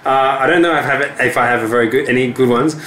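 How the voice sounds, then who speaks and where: A man's voice: mid-range voice, racing, fairly bright tone, a little hiss or hum. A young man, a musician chatting casually as an interview guest, talking with many fillers and restarts. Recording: echoey room with faint ambience.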